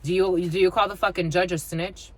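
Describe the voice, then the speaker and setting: A woman's voice: on the low side, fairly even intonation, fairly quick. A woman giving a blunt, profane tarot reading to her viewers, scolding and swearing freely. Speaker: tarot reader. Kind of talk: spiritual reading monologue.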